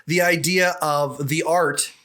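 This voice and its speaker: Slightly high-voiced rambling podcast host. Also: male voice, fairly even intonation, takes it slowly, bright, forceful tone. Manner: rambling, restarts, affirming interjections. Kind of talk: casual podcast interview. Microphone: studio mic.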